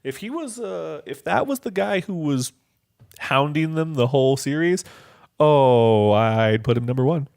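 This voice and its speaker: A man's voice: a little high, expressive, measured pace, creaky, darkish tone, no echo, clean studio sound. A man co-hosting a podcast in casual chat, making his points emphatically and repeating them. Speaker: podcast co-host.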